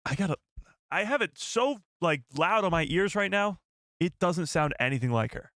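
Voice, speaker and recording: A man hosting a live stream and reacting to a trailer, excitable and incredulous, talking straight to his chat. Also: sits high, moderate pace.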